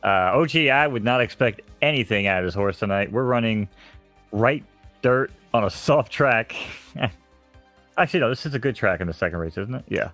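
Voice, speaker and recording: A man's voice: fairly low pitch, lively intonation, moderate pace, a bit bright, soft background music. A man with a New York accent hosting a live stream, chatting loosely and poking fun at himself. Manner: rambling, self-mocking, breaks into laughs. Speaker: stream host and horse owner. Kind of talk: casual live-stream chat.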